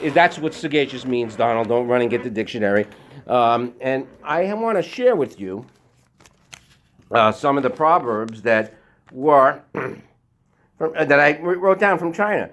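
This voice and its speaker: A man's voice: mid-range voice, expressive, a little slow, fairly bright tone. A man giving a rambling casual monologue from his home garage while working out, with many fillers. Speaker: vlogger.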